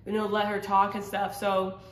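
A woman's voice: mid-range voice, monotone, normal speed. A woman sharing a personal faith testimony in casual, earnest talk, rambling with many fillers and restarts. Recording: roomy echo.

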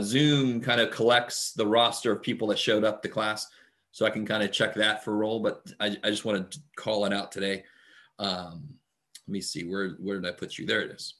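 A man teaching a math class over a video call, talking casually with lots of fillers while taking roll. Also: lowish voice. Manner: relaxed, chatty, many fillers. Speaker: math instructor. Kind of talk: casual online class talk. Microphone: computer mic on video call.

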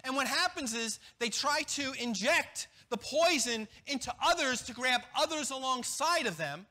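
Man, pastor, church sermon, very lively pitch, bright tone, animated delivery. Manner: animated, with quick restarts and acted-out asides.

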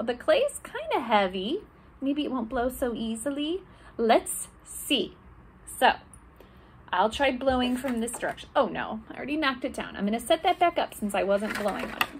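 A woman librarian leading a children's storytime, talking gently and asking the kids questions. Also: sits high, husky.

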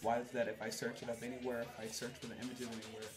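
A young man talks casually from his bedroom, rambling through his thoughts with "like" all over and plenty of cursing. His pitch is ordinary for a man. Music plays clearly behind him. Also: flat delivery, racing. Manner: rambling, swears a lot, frequent "like". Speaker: vlogger. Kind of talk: casual chat to camera. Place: bedroom decorated for Christmas.

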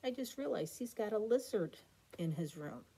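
A middle-aged woman reading a bedtime story aloud with expressive narration and chatty asides. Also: mid-range voice, normal speed, husky.

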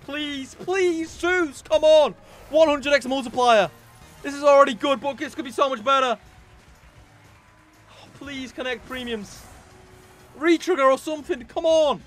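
A man's voice: very high-pitched, measured pace, long pauses, faint music behind. A young man streaming slot games on a headset mic, who begs the game and screams in disbelief at his wins. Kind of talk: live gambling stream reaction.

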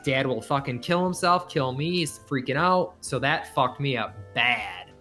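A man's voice: mid-range voice, measured pace, faint music behind. A man casually telling a story, acting out the voices of the people in it and swearing freely. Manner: animated, acts out quoted voices, swears freely. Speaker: podcast guest.

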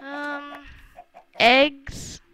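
A woman's voice: sits high, flat delivery, drawn-out words, bright, forceful tone, faint music behind, low-quality recording. A woman giving chatty let's-play commentary while gaming, talking to her viewers with frequent exclamations. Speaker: gamer.

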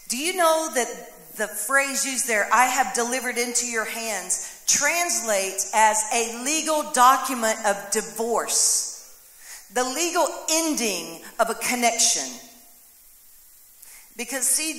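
Lady pastor preaching, kinda high voice, big echoey church hall. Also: animated, slow, a bit bright. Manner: preaching with voiced prayers and dramatic quotes. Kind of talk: sermon. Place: church sanctuary. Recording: echoey hall with long reverb.

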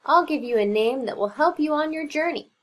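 A woman voicing a gravelly, wise female magic frog in a storybook read-aloud, talking slowly and calmly. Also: high voice, pitched above the performer's own voice. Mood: kindly.

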